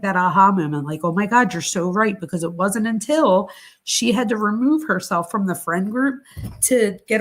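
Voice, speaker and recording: A middle-aged woman hosting a live psychology talk stream, speaking candidly and chattily with casual swearing. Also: medium pitch. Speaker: host.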